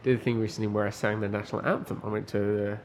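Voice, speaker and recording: A man's voice: on the low side, level tone, very fast, a little hiss or hum. A man co-hosting a podcast, telling an anecdote in a casual, rambling way full of restarts. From Britain. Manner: rambling storytelling with frequent restarts. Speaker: podcast co-host. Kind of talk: casual chat.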